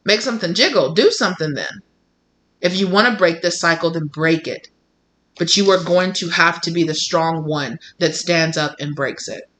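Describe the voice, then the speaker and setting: Blunt, bright-voiced tarot reader. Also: medium pitch, moderate pace. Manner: blunt and emphatic, repeats phrases, acts out what others say; swears casually. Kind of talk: tarot reading, direct address to viewers.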